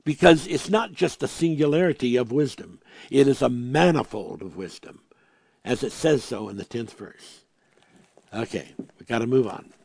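A man preaching a sermon, emphatic, repeating words for stress, reading scripture slowly and swinging from loud proclamations to quiet asides. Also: mid-range voice, animated, gravelly, slightly rough, no echo, clean studio sound.

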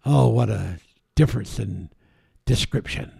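A man preaching a sermon, reading scripture aloud and explaining it, with halting restarts and drawn-out key words. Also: lowish voice, creaky, mellow, breathy edge.

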